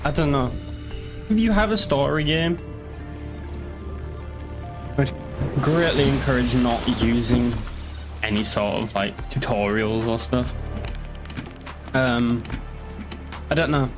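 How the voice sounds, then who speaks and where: A young man with a northeast English accent chats through a live game stream in a rambling, sweary way, answering his chat as he plays. His voice sits at a middling pitch. A little music plays faintly underneath. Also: slow pace, pauses often. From northeast England.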